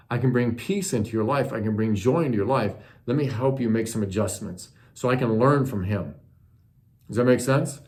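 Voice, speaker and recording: Male pastor, mid-pitch, conversational sermon delivery, earnest teaching tone. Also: a little mellow.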